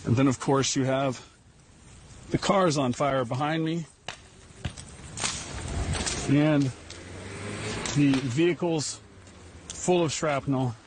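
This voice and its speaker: An American man, a journalist, reporting on camera from a street, emotional and halting. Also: medium pitch, steady tone, noisy background. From United States. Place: outdoors on a city street.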